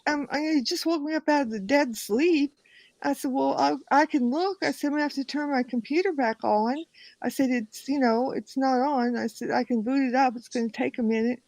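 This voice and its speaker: A woman's voice: high voice, a little fast, a little mellow, dry recording, low-quality recording. A woman hosting a casual livestream chat, telling a story with lots of cursing and acting out what others said. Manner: profane storytelling, acts out quotes. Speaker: host.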